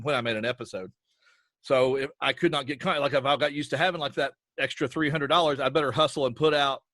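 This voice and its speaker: A man chatting as a guest on a podcast, telling stories in an animated, rambling, self-deprecating way. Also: mid-range voice, dry recording, studio quality. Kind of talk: casual interview chat.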